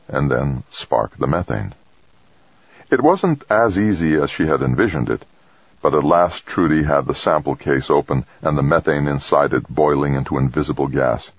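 A man narrating a science fiction story in a steady, dramatic reading. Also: extremely low pitch, slightly rough, dry recording. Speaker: audiobook narrator. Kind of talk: scripted narration. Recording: dull, dry close recording.

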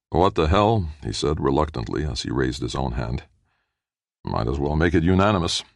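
Super deep guy reading an audiobook, measured and steady, dry close sound. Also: gravelly, dry recording. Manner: measured, lightly voices characters with a raised pitch. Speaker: audiobook narrator. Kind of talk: scripted narration.

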